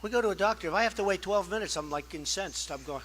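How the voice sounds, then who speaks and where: Talking fast in a high, expressive, slightly bright voice, a male candidate makes a campaign speech at a fundraising dinner. He's conversational, boastful and repetitive, drifting into asides and performing quoted exchanges, with a little hiss or hum on the recording.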